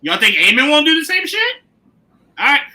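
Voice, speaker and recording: A man hosting a casual TV recap chat, animated and joking, often slipping into comic impressions. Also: very high voice, a little fast, poor audio. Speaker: podcast host.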